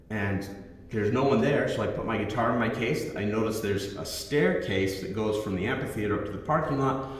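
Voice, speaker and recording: A middle-aged man, a musician hosting his own channel, tells a rambling gig anecdote in casual chat, restarting phrases and acting out the voices in his quotes. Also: on the low side. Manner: rambling, self-correcting anecdote with acted quotes. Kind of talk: casual storytelling to camera. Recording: very echoey room with long reverb.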